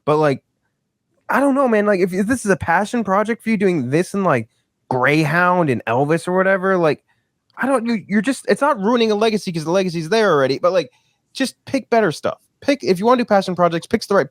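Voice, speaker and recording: A man's voice: high voice, very animated, quick pace, no room sound, studio quality. A young man co-hosting a movie podcast, rambling and cursing in casual exasperated chat. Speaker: podcast co-host.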